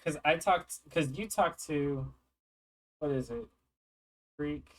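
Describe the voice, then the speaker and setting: Low-voiced woman rambling through a story. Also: slow, far from the mic, low-quality recording. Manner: rambling storyteller, laughs often, acts out quoted voices. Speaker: tabletop game player. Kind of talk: casual chat between players.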